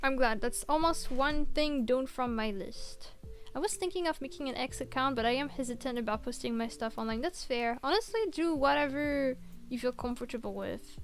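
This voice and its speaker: A woman streamer chatting casually while she works, reading out viewers' messages and answering them encouragingly. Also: high-pitched. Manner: soft-spoken, reads chat aloud, encouraging. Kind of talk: casual chat while working.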